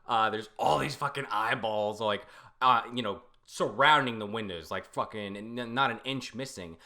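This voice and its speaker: A man casually recapping and reacting to a comic, animated, laughing often and swearing. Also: fairly low pitch, normal speed. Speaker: reaction video host.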